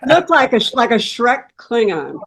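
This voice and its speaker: A woman guest on an interview, sharing memories in a chatty, halting way. Her voice sits at an ordinary middle pitch. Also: very animated, fairly bright tone, slightly rough, poor audio. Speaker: actor guest. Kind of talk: casual reminiscing.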